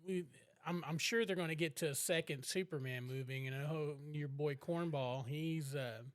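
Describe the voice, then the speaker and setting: A man's voice: on the high side, moderate pace, no room sound. A man co-hosting a podcast in loose, rambling casual chat, swearing often and laughing. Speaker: podcast co-host.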